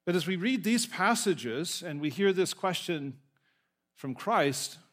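A man's voice: high voice, expressive, slow pace, fairly bright tone. A male pastor preaching a sermon, reading scripture and telling stories in a conversational way, with asides and self-corrections.

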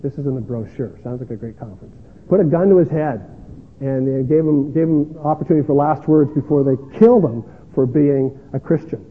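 A husky, medium-pitched man preaches a sermon at a fairly quick clip, earnest and self-deprecating, often breaking off to restart. As a pastor, he is recorded in tinny lo-fi sound, with a long echo from the hall around him.

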